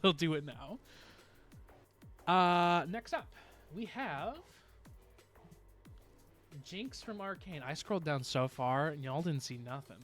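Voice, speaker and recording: A man's voice: on the high side, fairly bright tone. A man streaming live, chatting casually and rambling to his viewers with frequent laughs.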